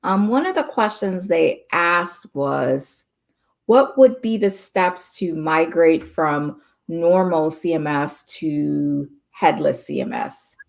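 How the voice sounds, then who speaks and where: A woman moderates a Q&A, relaxed and with fillers. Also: sits low, takes it slowly, vocal fry.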